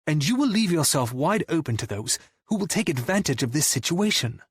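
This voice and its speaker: Stern male band manager, put on by a man, clipped, insistent, higher voice, dry sound. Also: sing-song, a little fast, breathy edge, no echo.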